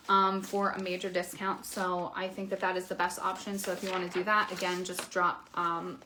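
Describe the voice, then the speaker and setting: A woman's voice: mid-range voice, pushed and bright, slight background noise. A young woman coach talking frankly and casually to her viewers, with many fillers. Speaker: keto coach. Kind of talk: casual promotional video talk.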